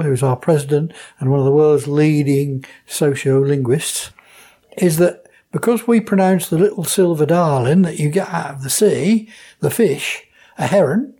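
Mellow husky man with a Norfolk accent. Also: a little high. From Norfolk, England. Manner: enthusiastic, explanatory, playful with pronunciations. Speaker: dialect society member. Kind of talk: interview answers.

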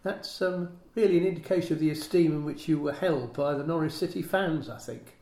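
A man hosting an interview, asking questions and backing the guest up with quick agreements. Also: fairly high pitch, warm tone. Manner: affirming, prompts with short agreements. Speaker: interviewer, host. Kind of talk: radio-style interview. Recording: roomy echo.

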